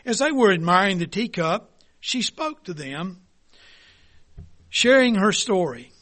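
A man preaching a sermon and reading a story aloud, in an earnest, deliberate way. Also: high voice, big pitch swings, fairly bright tone.

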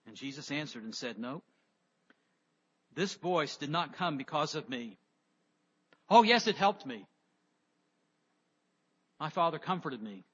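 High bright-voiced man preaching in a hall. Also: big pitch swings, measured pace, pauses often, husky. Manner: emphatic, rising loud on key words and dropping low on others. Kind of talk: sermon. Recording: dull lo-fi sound with long reverb.

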